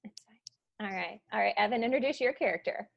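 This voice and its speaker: A woman's voice: mid-range voice, fast talker, gravelly, highs cut off. A woman teaching an online improv class in a casual way, with plenty of fillers. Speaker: improv instructor. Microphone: video call.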